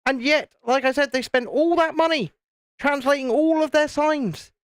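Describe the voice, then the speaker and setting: A man's voice: very high-pitched, moderate pace, no echo, clean studio sound. A man from the United Kingdom hosting a casual live stream, joking and reading out viewer comments while building. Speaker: YouTube channel host.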